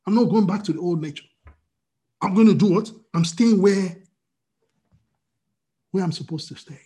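A man's voice: sits high, normal speed, mellow. A man preaching a sermon as pastor, asking the congregation rhetorical questions.

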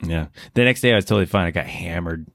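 Podcast co-host, low-pitched man, loose profane storytelling, dry mic. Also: fast talker, a bit bright, no echo. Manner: rambling, swears often, acts out family members. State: recovering from a cold. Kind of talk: casual storytelling chat.

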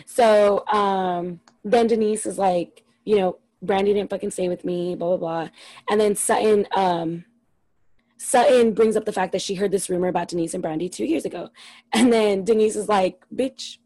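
A woman's voice: medium pitch, steady tone, moderate pace, warm tone, no room sound, rough recording. A young woman co-hosting a podcast, chatting casually and ranting with lots of swearing about a reality show. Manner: profane, exasperated, ranting. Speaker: podcast co-host.

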